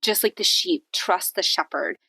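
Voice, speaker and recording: A woman hosting a devotional podcast, talking earnestly and conversationally about faith, with lively shifts when she quotes others. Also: lowish voice, moderate pace, creaky, husky, no room sound. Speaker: podcast host.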